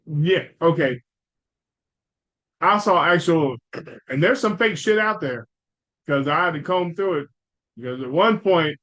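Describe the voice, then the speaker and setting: A middle-aged man from Cleveland hosting a sports podcast, ranting in a profane, animated way. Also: on the high side, low-quality recording. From Cleveland, Ohio. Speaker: podcast host. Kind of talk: casual sports talk.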